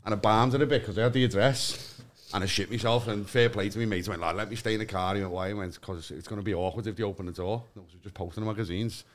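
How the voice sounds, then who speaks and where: A man's voice: lowish voice, fairly even intonation, quick pace, a little hiss or hum. A young man, co-hosting a comedy podcast in casual banter, swearing and laughing through his stories. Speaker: podcast co-host.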